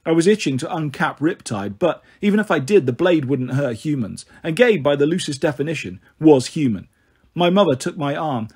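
A man reading an audiobook aloud as a first-person narrator, steady storytelling. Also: a little high, moderate pace, husky. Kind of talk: scripted narration.

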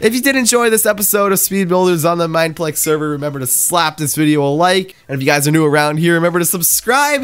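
A young man giving excitable gaming commentary, talking to himself while he plays. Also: on the high side, fast, few pauses, smooth. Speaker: gaming YouTuber.

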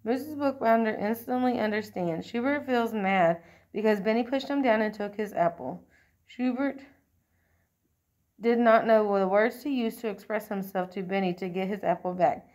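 A woman reading a children's picture book aloud, in an expressive read-aloud style with occasional slips and throat-clearing. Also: medium pitch, normal speed. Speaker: storybook reader.

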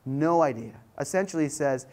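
A male lecturer speaking to a live audience in a hall. He tells a personal story with energy, lifts his voice and his pace to act out what he thought, then drops low for quieter moments. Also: brisk. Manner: animated storyteller, acts out quoted thoughts.

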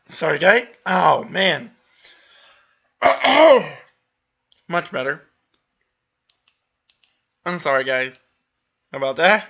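A man's voice: high voice, very animated, drawn-out words, creaky, long pauses, bright, forceful tone, breathy edge. A young man giving casual, exclamatory gameplay commentary, groaning at his losses and laughing at himself. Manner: self-deprecating, exclamatory, laughs often. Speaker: gamer commentator.

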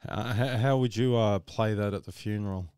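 Host: man, low-ish smooth voice, dry jokes, close dry mic. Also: fairly even intonation, brisk, darkish tone, no room sound. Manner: dry, joking, wraps up the show. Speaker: podcast host. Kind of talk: casual chat.

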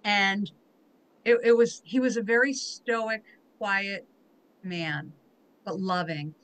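A woman's voice: medium pitch, takes it slowly, low-quality recording. A woman hosting a podcast interview, sharing heartfelt, emotional stories in a conversational way. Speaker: podcast host.

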